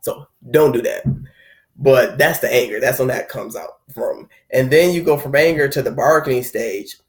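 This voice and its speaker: A man's voice: medium pitch, normal speed. A young man hosting a spiritual talk on heartbreak, speaking loosely and conversationally and acting out the inner voices of people going through it. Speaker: spiritual video host. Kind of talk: casual spoken talk on heartbreak.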